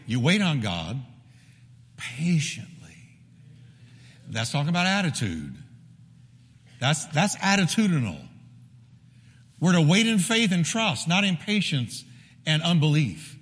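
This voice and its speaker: A man preaching a sermon as pastor, emphatic and repetitive, with sudden drops to a hushed voice. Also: a little high, big pitch swings, measured pace, pauses often, husky. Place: church sanctuary. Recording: long reverb of a large hall.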